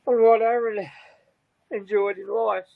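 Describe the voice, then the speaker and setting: This is an older man speaking as a tearful, grieving father. His voice sits a little high and keeps breaking. He talks haltingly and circles back over the same words. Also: level tone, vocal fry, dry recording, narrow, tinny audio. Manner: halting, repeats himself, voice breaking. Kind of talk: emotional interview talk.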